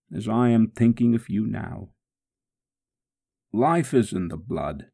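A man's voice: lowish voice, vocal fry, warm tone, heavily acted. A man reading aloud in the first person as a suffering man praying steadfastly through a scourging, in a solemn, prayerful way. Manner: solemn, prayerful, slow and measured.

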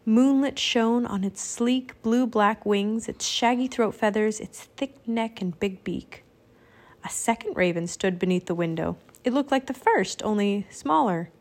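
A woman's voice: a little high, measured pace, a little mellow. Woman reading a children's storybook. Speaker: narrator. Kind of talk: audiobook reading.

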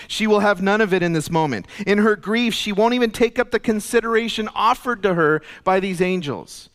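A male pastor giving an earnest, conversational sermon, going soft and low when quoting figures, recorded in a church. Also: normal speed, few pauses, smooth. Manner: earnest, conversational preaching, drops soft and low for quoted lines. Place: church sanctuary. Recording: long reverb of a church hall.

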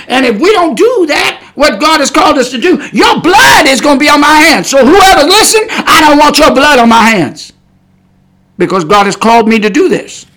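A man preaching a fiery sermon on a podcast, shouting and repeating his points for emphasis. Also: very high-pitched.

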